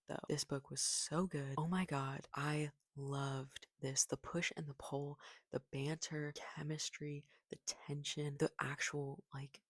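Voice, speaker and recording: Give me a rambling young book vlogger with a gravelly fry, chatty and gushing. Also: mid-range voice, no echo, clean studio sound. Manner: gushing, rambling, heavy use of "like". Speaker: book reviewer. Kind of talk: casual book review vlog.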